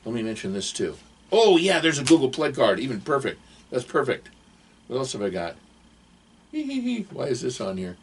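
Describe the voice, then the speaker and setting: Husky older man rambling advice. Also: mid-range voice, animated, a little fast. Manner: rambling, digressive, preachy. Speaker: vlogger giving advice. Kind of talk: casual monologue to camera.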